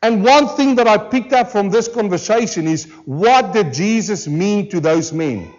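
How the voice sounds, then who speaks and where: A pastor preaching a sermon to a church congregation, emphatic and full of rhetorical questions, slowing down hard on key words. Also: male voice, sits high, animated, darkish tone, highs cut off. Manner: emphatic, with rhetorical questions and slowed, drawn-out stresses. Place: church service.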